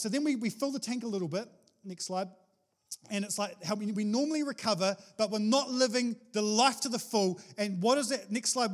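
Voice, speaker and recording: A man preaching a sermon as pastor, animated and jokey, with sudden exclamations to the congregation. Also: sits high.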